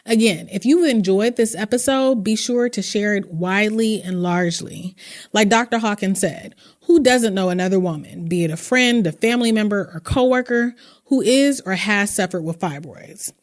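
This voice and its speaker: A young adult woman hosting a podcast, talking earnestly and emotionally, quick to laugh. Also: medium pitch. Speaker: podcast host. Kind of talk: warm conversational podcast interview and outro.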